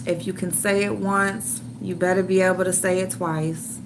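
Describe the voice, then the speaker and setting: A woman's voice: lowish voice, little pitch movement, normal speed, noisy background. A middle-aged woman venting in casual livestream chat, frank and loose, swearing freely as she talks to viewers. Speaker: livestream host.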